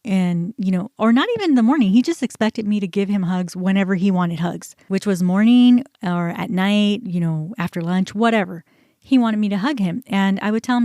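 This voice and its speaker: A woman talks candidly as a podcast host, recounting her own experiences in a conversational way. Her voice sits at a middling pitch, and the recording is close and dry, with no room sound. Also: moderate pace, mellow, no echo. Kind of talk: personal storytelling.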